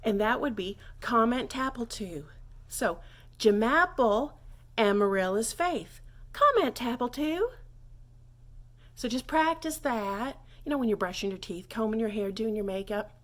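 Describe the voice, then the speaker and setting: A woman's voice: medium pitch, normal speed, close to an everyday voice. A woman playing a scatterbrained character who gives a clumsy French lesson, rambling off on tangents and stumbling over phrases. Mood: chatty. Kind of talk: comedic mock lesson monologue.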